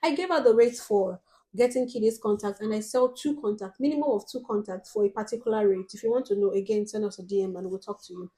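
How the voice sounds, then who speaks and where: A woman's voice: mid-range voice, fast talker, mellow. Emphatic Nigerian woman vlogger. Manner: direct, emphatic, with frequent ums. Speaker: host. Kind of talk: casual advice vlog.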